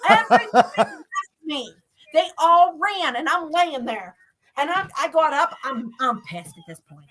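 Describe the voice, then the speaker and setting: A woman with a bright, fairly high voice tells a spooky story. She is animated and laughs easily, and she acts out the people in her story. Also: normal speed, low-quality recording. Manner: lively, laughs often, acts out others' lines. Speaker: paranormal investigator guest.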